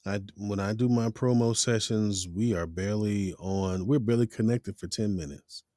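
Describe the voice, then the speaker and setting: A man with a fairly low voice hosts a casual interview, talking shop about voice-over sessions at a normal speed with no echo. He's animated, acting out quoted studio dialogue in different voices as he tells his stories.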